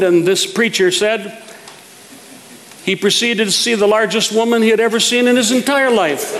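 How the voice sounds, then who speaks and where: High gravelly-voiced preacher in a hall. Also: male voice. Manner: folksy storytelling, chuckles at his own jokes. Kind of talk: sermon with humorous stories.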